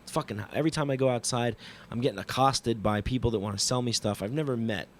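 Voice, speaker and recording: Profane, animated storytelling man. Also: mid-range voice, fast, slight background noise. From New York. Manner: profane, animated, self-mocking retelling. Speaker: podcast host telling a travel story. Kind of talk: casual storytelling monologue.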